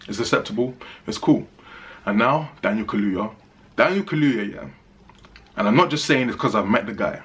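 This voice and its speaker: A man's voice: lowish voice, a bit bright. A man giving a casual spoken movie review, chatty and emphatic, repeating phrases for stress.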